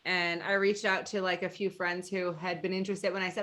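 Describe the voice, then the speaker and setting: A woman's voice: mid-range voice, fairly quick, few pauses, pushed and bright. A woman hosting a podcast, chatting casually and acting out her own quoted reactions, with the odd casual swear. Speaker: podcast host.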